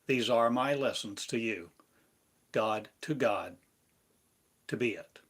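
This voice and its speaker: A man giving a meditative spiritual lesson, speaking in slow, repetitive, incantatory phrases. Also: medium pitch, a bit bright, breathy edge. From United States. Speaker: spiritual teacher.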